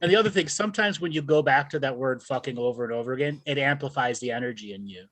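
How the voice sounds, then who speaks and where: A man's voice: mid-range voice, quick pace, fairly bright tone, no echo. A man co-hosting a casual comedy chat, upbeat as he wraps up the show. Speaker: co-host.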